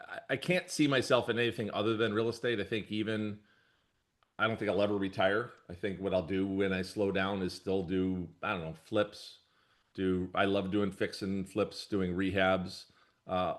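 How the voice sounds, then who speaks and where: Middle-aged man, very low voice, rambling and self-correcting, easy laughs. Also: a bit bright. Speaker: brokerage leader. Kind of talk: casual interview answers.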